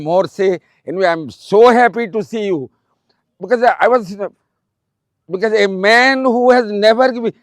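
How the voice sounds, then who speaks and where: A man in his eighties with an Odia accent, a retired principal giving a fatherly, repetitive motivational speech to students, pausing often with um. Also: sits high, dry recording. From Odisha, India. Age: 80s.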